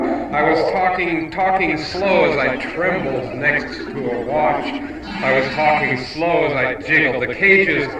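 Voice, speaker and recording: A man giving a slow, deliberate poetry reading, chanting repeated lines. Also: fairly high pitch, roomy sound, far from the mic, rough recording. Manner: slow, deliberate incantatory repetition. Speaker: poet.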